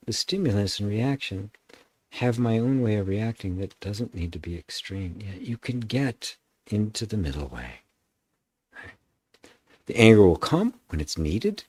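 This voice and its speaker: A man's voice: lowish voice, a little mellow, slightly rough, no room sound. A man hosting a live open forum as a spiritual teacher, musing through answers to chat comments with frequent restarts and a tag of "right?". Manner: musing, stops and restarts, often adds "right?".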